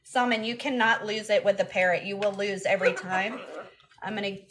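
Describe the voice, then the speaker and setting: A woman's voice: mid-range voice, fairly even intonation, brisk, background noise. A young woman chatting casually on a live stream, cooing baby talk to her pet bird between answers to comments. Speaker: parrot owner live streamer.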